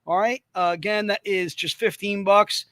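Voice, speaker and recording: Upbeat man hawking comics, high voice. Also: fairly even intonation, moderate pace, pushed and bright, no echo. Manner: upbeat, repetitive hawking, joking asides. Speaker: host selling comic books. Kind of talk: livestream sales pitch.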